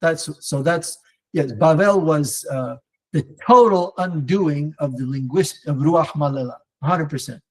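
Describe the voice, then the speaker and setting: Man, Torah teacher, online class, lively rambling delivery, restarts and fillers, Hebrew terms, fairly high voice. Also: unhurried. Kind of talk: animated live online lecture answering viewer comments.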